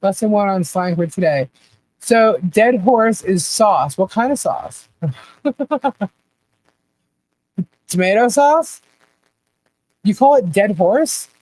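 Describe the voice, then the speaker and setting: A woman's voice: mid-range voice, animated, slow, pauses often, darkish tone, poor audio. A woman hosting a casual live chat, laughing often and asking puzzled questions as she reads viewer comments. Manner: laughs often, baffled questions, repeats herself.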